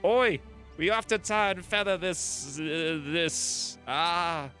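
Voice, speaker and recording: A man's voice: on the high side, takes it slowly, sharp tone, faint music behind, pitched above the performer's own voice. A man voicing a drunk bearded village stooge in a boisterous, slurred rustic drawl while reading a game event aloud. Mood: rowdy. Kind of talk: let's play character reading.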